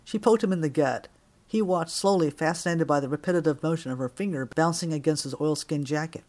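A man narrating an audiobook with a wry, expressive storytelling manner. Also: on the high side, fairly quick.

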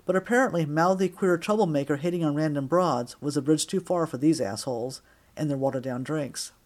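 A man reading a novel aloud in a wry, expressive manner. His voice sits slightly higher than most men's. He shapes the sentences with a dry, playful storyteller's timing. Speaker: narrator. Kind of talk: audiobook narration.

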